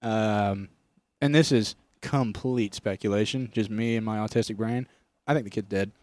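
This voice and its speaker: A man's voice: on the low side, normal speed, darkish tone, no echo. A young man co-hosting a podcast, telling crude stories in a rambling, joking way. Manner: crude, rambling storytelling with bursts of laughter. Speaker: podcast co-host. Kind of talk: casual chat.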